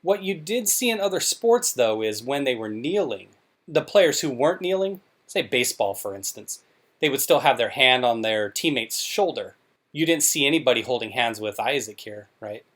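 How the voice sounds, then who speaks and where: A man's voice: medium pitch, lively intonation, moderate pace, fairly bright tone. Sarcastic man hosting a commentary show. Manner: sarcastic, mocking, scornful.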